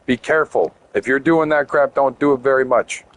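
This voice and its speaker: A man's voice: medium pitch, brisk. Young male streamer; loose, rambling, jokey chat with viewers. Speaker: game streamer. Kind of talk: casual live-stream chat while playing.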